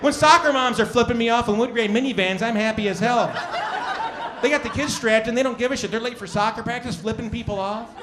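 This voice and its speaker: A man doing stand-up comedy, loudly riffing with the crowd and swearing freely. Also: extremely high pitch, fast, background noise. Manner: loud, profane, riffing with the audience. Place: comedy club stage. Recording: club audience laughing loudly.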